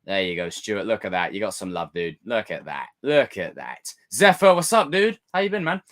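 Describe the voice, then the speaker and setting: A man hosting a casual live stream, chatting with viewers and ranting in a theatrical, animated way. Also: on the low side, moderate pace. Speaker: livestream host.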